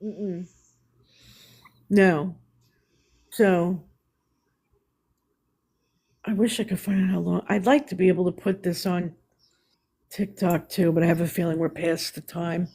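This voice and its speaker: A woman's voice: lowish voice, steady tone, slow pace, pauses often, dark tone, slightly rough, low-quality recording. A woman with a New York accent hosting a live stream, talking candidly in casual chat with restarts. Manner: chatty, candid, with restarts and laughs.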